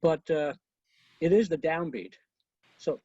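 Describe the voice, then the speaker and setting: A man's voice: fairly high pitch, unhurried, pauses often, a little mellow, husky, no room sound. A man teaching an online conducting class over a video call, coaching students and counting beats aloud, with chatty asides. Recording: muffled lo-fi video call audio.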